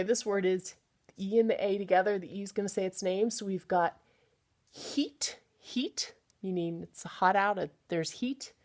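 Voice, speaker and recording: A woman teaching a phonics lesson to young children, sounding out words slowly and chatting playfully between them. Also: mid-range voice. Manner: slow, drawn-out sounding of words. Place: home, at a small easel.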